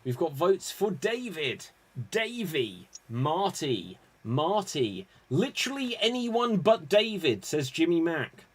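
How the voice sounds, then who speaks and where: Man, improv show host, playful, self-mocking, slow pace, slightly high voice. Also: sing-song, slightly rough. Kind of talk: hosting an online improv show.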